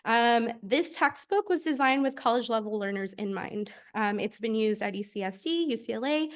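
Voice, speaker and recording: A young woman from the United States giving an academic research presentation, explaining carefully with frequent filler pauses. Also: fairly high pitch, animated. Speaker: graduate student presenter.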